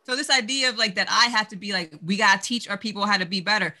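A woman's voice: mid-range voice, fast talker, bright, forceful tone. A woman speaking on a panel, talking candidly and emphatically in a conversational way, often saying "like.".

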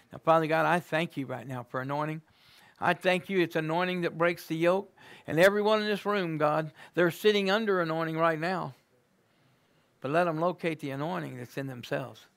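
A man preaching a sermon and praying in a church, swinging between hushed words and loud fervent exclamations. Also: high-pitched, vocal fry. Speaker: guest preacher. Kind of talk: sermon and closing prayer. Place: church sanctuary.

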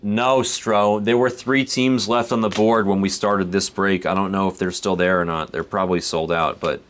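A man with a deep, low voice talks in a loose, rambling way as he opens packs on a live stream, reading out names and chuckling to himself. There is a faint hiss of background noise under him. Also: fairly even intonation, normal speed, fairly bright tone. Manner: rambling, laid-back, chuckles between remarks, reads card names aloud. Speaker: card break host. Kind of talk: casual live-stream chat while opening cards.

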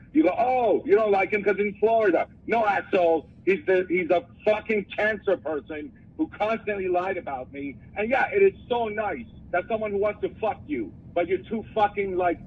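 A man's voice: sits high, distant mic. Male caller, aggressive and profane, heard through a tinny, noisy phone line. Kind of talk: angry phone rant.

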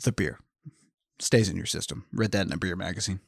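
A man's voice: low voice, brisk, creaky, husky, no echo, studio quality. A man co-hosting a podcast, chatting casually about a horror film over beers and laughing often. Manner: chatty, laughs often, drinking beer while talking. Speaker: podcast co-host.

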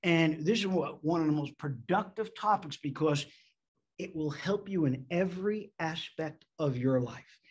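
A man from the United States preaching a sermon as a men's pastor, animated, slowing down to stress key words. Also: a little high, husky.

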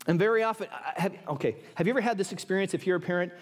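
High-voiced man preaching a sermon. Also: very fast, long reverb tail. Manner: lively storytelling with humor, calls for audience response. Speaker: pastor.

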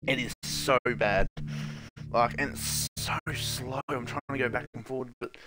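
A man's voice: mid-range voice, steady tone, a little slow, over music. A young man commentating a horror game live, swearing, yelping and telling the monsters to go away, his voice strained from coughing. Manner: jumpy, frustrated, swears, talks to game characters. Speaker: streamer.

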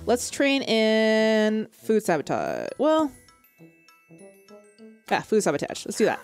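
A woman hosting a gaming video, chatting excitedly and reading game text aloud. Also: a little high, slow, creaky, long pauses, soft background music.

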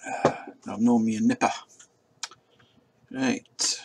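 A low, gravelly-voiced man talks through his simulator flying. He chats in a casual, self-mocking way, with the odd curse. A faint hum of noise sits under his voice. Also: steady tone, fairly quick. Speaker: drone pilot vlogger. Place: indoors at a table.

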